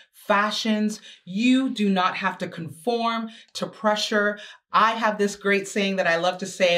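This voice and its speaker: A guest speaker with a medium-pitched, slightly bright voice gives a motivational talk to teenage girls. She repeats her exhortations emphatically, throws in chatty, sassy asides, and her pace swings suddenly.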